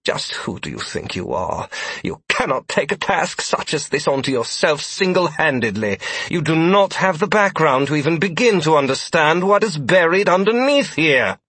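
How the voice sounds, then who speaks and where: A man's voice: fairly high pitch, big pitch swings, normal speed, a bit bright, breathy edge, dry recording, voice pushed up, heavily acted. A man voicing a seething haughty noble. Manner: imperious, clipped, seething. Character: haughty scheming male noble envoy.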